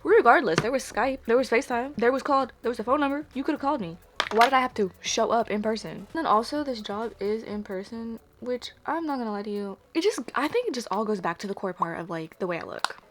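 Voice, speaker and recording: A woman's voice: on the high side, fast, background noise. A young woman, chatting casually to camera while doing her makeup, rambling and nervous. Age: 20s. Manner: rambling, filler-heavy, animated and anxious. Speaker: vlogger.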